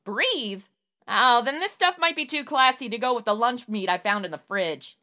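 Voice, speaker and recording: A woman's voice: on the high side, expressive, moderate pace, sharp tone. A woman giving sassy, wisecracking comedic commentary as a co-host. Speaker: comic co-host.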